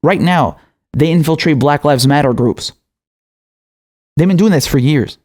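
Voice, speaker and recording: A young man delivers heated political commentary with a slightly high voice. He sounds indignant and swears freely, laughing at what he reads and firing off rhetorical questions. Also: a little slow, a little mellow. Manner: indignant, profane, laughs often.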